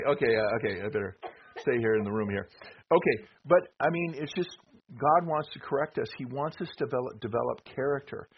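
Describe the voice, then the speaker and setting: A middle-aged man with a mid-range voice preaches a little fast and conversationally in a sermon with slides. He reads scripture aloud between rhetorical questions and asides to the congregation, captured on a dull lo-fi recording with faint noise.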